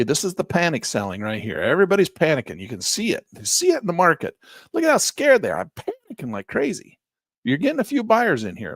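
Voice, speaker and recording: A man's voice: mid-range voice, creaky, no echo. A middle-aged man teaching a live trading class, narrating chart moves in a teasing, playful way. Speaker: trading instructor.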